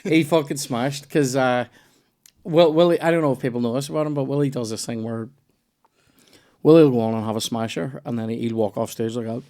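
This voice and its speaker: A man's voice: mid-range voice, fairly even intonation, brisk, a little mellow. Chatty Northern Irish man telling stories. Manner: rambling, sweary storytelling with lots of restarts. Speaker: podcast host, comedian. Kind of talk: casual chat.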